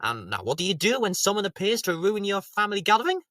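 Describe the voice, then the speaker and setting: A man with a high voice hosting a jokey homemade TV comedy review show, breaking into silly shouted voices. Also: sing-song, fast, no echo, clean studio sound.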